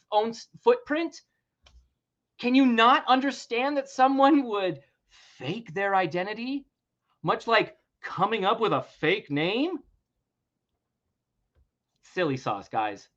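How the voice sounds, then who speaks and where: A man's voice: high voice, animated, measured pace, fairly bright tone. Heated man ranting on a lo-fi podcast. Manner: heated, emphatic, swears freely, laughs in disbelief. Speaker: podcast host. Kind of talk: opinionated podcast rant.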